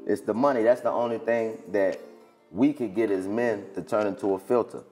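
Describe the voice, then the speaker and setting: A man's voice: on the low side, steady tone, moderate pace, dark tone, soft background music. A man co-hosting a comedy podcast, talking in loose slang-heavy banter with preachy asides to young listeners. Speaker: podcast co-host. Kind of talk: casual comedic chat.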